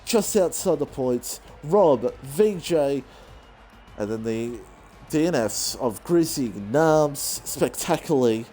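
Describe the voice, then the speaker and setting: A man giving rambling, excitable live commentary on an online racing league, saying he is out of breath. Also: medium pitch, slow, soft background music. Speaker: race commentator.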